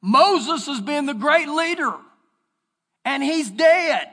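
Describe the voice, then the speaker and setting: A man with a Texan accent preaches in a high, ringing voice. He swings from conversational asides to emphatic, shouted exhortation. His sermon carries a long reverberant tail from a church sanctuary. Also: lively intonation, takes it slowly. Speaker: pastor.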